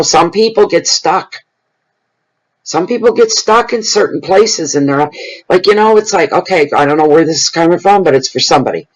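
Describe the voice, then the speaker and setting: A man's voice: medium pitch, rough recording. A middle-aged man giving a general tarot reading to camera, talking frankly and bluntly in a loose, conversational way. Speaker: tarot reader.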